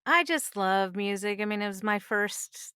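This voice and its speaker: A woman, a singer and voice actress, chatting as a podcast guest, animated and laughing often. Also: medium pitch, moderate pace, smooth, no echo, studio quality. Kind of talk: casual interview chat.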